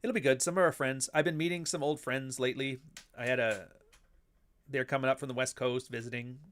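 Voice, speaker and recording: A man's voice: medium pitch, fairly even intonation, fairly quick, a bit bright. A man hosting a casual livestream, rambling between topics and reading the chat aloud. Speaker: livestream host.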